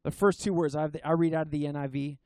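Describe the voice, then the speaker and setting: A pastor preaching to his church in a fairly high man's voice, earnest and emphatic. He leans on key phrases by slowing down and sometimes stumbles and restarts mid-sentence. The sound is dry and close. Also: fairly even intonation, darkish tone, no echo. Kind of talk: sermon. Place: church service.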